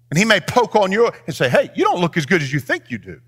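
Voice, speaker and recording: A pastor preaches a sermon in church with a high, bright voice that swoops widely in pitch, lifting phrases into a sing-song cadence. Talking fast with few pauses, he addresses the congregation directly in an animated, expressive pulpit delivery.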